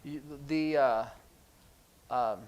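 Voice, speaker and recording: A man's voice: mid-range voice, drawn-out words, darkish tone, clean tone, poor audio. A man teaching a sign language class at church, chatty and rambling with jokey asides.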